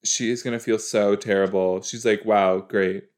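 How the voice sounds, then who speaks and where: A man's voice: fairly low pitch, steady tone, normal speed. A man hosting a podcast, reacting casually to a TV episode, chatty and rambling, often cutting himself off with exclamations. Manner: chatty, rambling, exclaiming with frequent self-interruptions.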